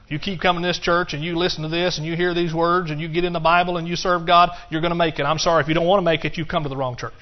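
A man's voice: fairly high pitch, little pitch movement, rapid-fire, hardly any pauses. A man preaching a sermon in a church, building up with cries of hallelujah. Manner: emphatic preaching, shouts of hallelujah. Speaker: pastor. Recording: muffled lo-fi sermon recording.

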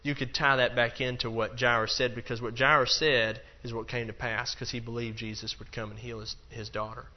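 A man's voice: mid-range voice, little pitch movement, fairly quick, few pauses, dull audio. A man teaching a Bible lesson in a loose, conversational way, acting out the quotes and dropping in plenty of fillers. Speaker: preacher.

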